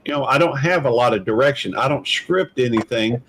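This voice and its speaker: A man's voice: medium pitch, a little fast, a bit bright, a little hiss or hum, low-quality recording. A man hosting a casual live-stream panel chat, rambling and hesitant with many fillers and restarts. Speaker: channel host.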